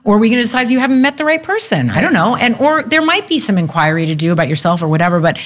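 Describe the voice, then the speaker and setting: A woman's voice: on the high side, very animated, racing. A woman in her fifties talking as a guest in a candid conversation, reflective and earnest, laughing easily. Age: 50s.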